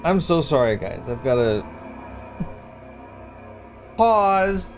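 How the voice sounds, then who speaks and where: A man in his forties commentating a horror game, joking and reading its text aloud, with sudden high-pitched outbursts. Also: lively intonation, measured pace, fairly bright tone, faint music behind. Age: 40s. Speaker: gaming video host. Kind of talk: casual let's play commentary.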